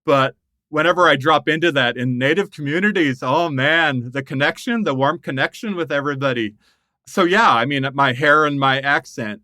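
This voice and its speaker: Bright-voiced middle-aged man telling stories. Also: medium pitch, no room sound, studio quality. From United States. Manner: animated storyteller, laughs often. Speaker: guest writer. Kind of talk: conversational interview storytelling.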